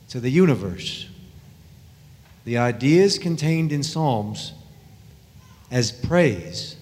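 Slow-talking guy, emphatic repetition, echoey hall. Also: a little high, darkish tone. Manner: slow, emphatic, repeats phrases. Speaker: guest Bible teacher. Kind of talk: Bible teaching discussion.

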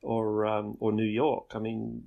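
A man's voice: fairly low pitch, completely flat delivery, measured pace, creaky, phone-quality sound. A man co-hosting a podcast, chatting casually about films and rambling with many restarts. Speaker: podcast co-host. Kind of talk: casual film chat.

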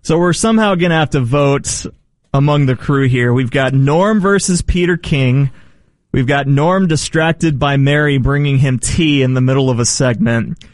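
A man hosting a sports radio talk show, introducing clips and running a vote among the crew in a quick, amused way. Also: mid-range voice, no echo. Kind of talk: casual radio chat.

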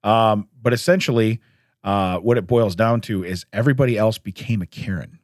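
A man hosting a podcast, chatting casually through news stories and laughing and clearing his throat often. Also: lowish voice, normal speed, no echo, studio quality. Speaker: podcast host.

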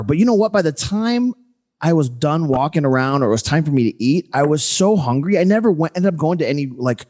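A man in his thirties hosts a casual interview, his voice sitting at a middle pitch. He tells stories with lively energy and frequent laughter. His pitch jumps up sharply at funny moments. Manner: animated storyteller, laughs often. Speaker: podcast host.

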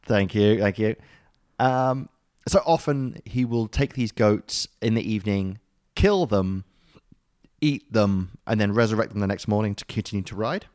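A man's voice: on the low side, measured pace, darkish tone, no echo, clean studio sound. A man co-hosting a podcast in a loose, joking way, with many ums and uhs and casual swearing. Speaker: podcast co-host explaining mythology.

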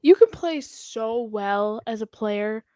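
A woman's voice: on the high side, lively intonation, slow pace, mellow, no room sound. A young woman co-hosting a casual podcast chat who laughs often, leans on "like" and restarts her sentences. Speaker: podcast co-host.

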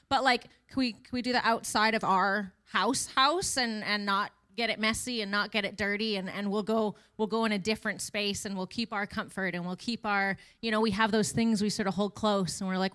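A woman's voice: mid-range voice, a little fast, hardly any pauses, fairly bright tone, clear, resonant tone. A woman in her thirties giving a casual, chatty testimony at church, with self-deprecating asides. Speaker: church speaker sharing testimony.

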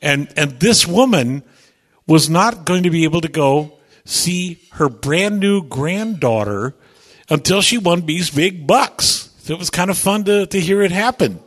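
Excitable man radio host, upbeat storyteller. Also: sits high, measured pace. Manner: chatty, repeats words when excited, slips into voices. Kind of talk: animated on-air storytelling. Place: radio studio.

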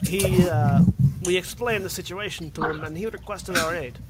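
A man putting on a gruff Scottish dwarf soldier. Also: sits high, normal speed, very noisy, lightly acted. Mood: grim. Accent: Scottish drifting into Russian. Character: gruff male dwarf blood hunter, military.

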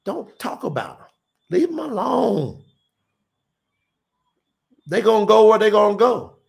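Preacher guy on a livestream, highish voice that swings all over, folksy and repeats himself a lot. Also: sing-song, a little slow, gravelly. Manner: emphatic, repetitive, folksy preaching. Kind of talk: livestream sermon to online viewers.

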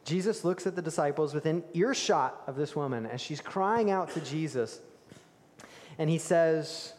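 A man preaching a sermon, telling the story with animated emphasis and dropping to hushed tones for key moments. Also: fairly high pitch, normal speed, slight background noise. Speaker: pastor. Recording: reverberant hall.

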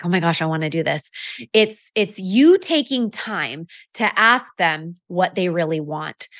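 A woman's voice: on the high side, fairly bright tone, no room sound, studio quality. A woman hosting a podcast, coaching listeners in a chatty, upbeat way with many casual fillers. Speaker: podcast host and network marketing coach. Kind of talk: solo podcast teaching.

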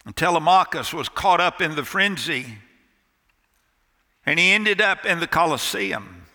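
Slow, bright-voiced pastor in a reverberant church. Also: male voice, on the high side, expressive. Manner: dramatic storyteller with pauses and emphatic drops to near quiet. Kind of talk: sermon storytelling. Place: church sanctuary. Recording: long reverb of a church hall.

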